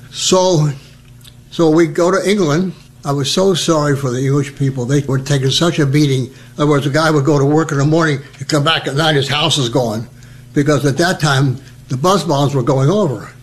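An older man from New Jersey, telling his wartime memories as a lively storyteller who acts out the voices. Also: a little high. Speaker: veteran recounting memories. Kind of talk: oral history storytelling.

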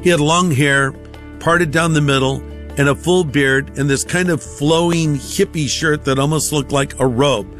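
A man's voice: a little high, steady tone, moderate pace, fairly bright tone, faint music behind. A man giving a conversational personal testimony, acting out the voices of the people in his stories.

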